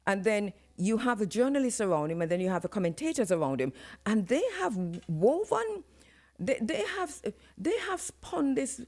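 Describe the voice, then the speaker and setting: A woman hosting live radio commentary, talking in an animated way and switching into patois for emphasis. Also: mid-range voice, moderate pace. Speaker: radio talk show host. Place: radio studio.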